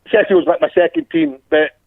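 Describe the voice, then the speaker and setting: A man's voice: fairly high pitch, normal speed, dry recording. A Glaswegian man chatting as a guest fan, telling rambling stories with restarts and laughter. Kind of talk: casual chat, storytelling. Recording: tinny phone-like line.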